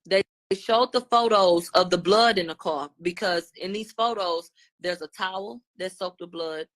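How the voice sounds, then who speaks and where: A woman's voice: on the low side, unhurried, fairly bright tone. A woman commentator in a casual spoken recap, retelling questions and answers one after another. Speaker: commentator recapping court testimony.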